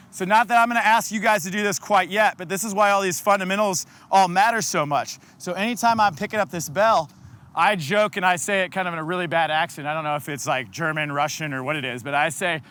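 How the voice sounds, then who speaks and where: A man coaching a group through a follow-along kettlebell workout, giving energetic cues and counting down the seconds. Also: high-pitched. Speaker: fitness coach.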